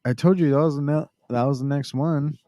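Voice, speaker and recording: A man's voice: fairly high pitch, fairly even intonation, fairly quick, warm tone, no room sound, studio quality. A man hosting a podcast, teasing his guest with crude jokes over drinks and a bit tipsy. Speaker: podcast host. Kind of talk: casual podcast chat.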